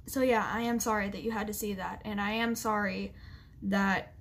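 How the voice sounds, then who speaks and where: A young woman talks to her camera, her voice close to tears as she holds them back. She stumbles through fillers and restarts, sitting at an ordinary mid pitch for a woman. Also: steady tone, a little hiss or hum. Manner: halting, with many fillers and restarts. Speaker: vlogger. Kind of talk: emotional apology vlog.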